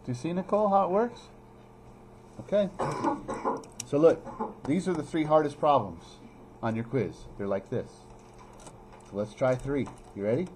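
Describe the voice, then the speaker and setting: A man teaching a math review lesson in a classroom, playfully teasing students and calling them by name. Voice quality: animated, pitch jumping high when teasing students. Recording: faint classroom noise.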